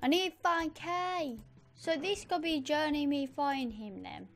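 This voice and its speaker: A woman giving chatty let's play commentary, easily excited and talking straight to her viewers. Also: high-pitched, unhurried. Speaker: gamer.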